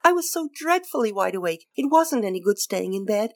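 A woman's voice: medium pitch, animated, a little fast, no room sound, studio quality, pitched above the performer's own voice, close to an everyday voice. A woman voicing an eager, earnest young boy who is wide awake at night.

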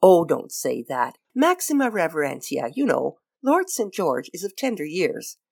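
A woman voicing a sly, sardonic gentleman with a dry, mock-pious manner. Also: deep voice, sing-song, measured pace, vocal fry, breathy edge, no room sound, heavily acted.

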